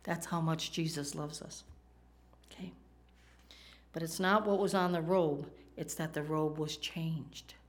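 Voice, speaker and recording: A woman's voice: low voice, fairly even intonation, measured pace, pauses often. A woman preaching a sermon in a conversational way, often asking her listeners questions. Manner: conversational, asks the audience questions.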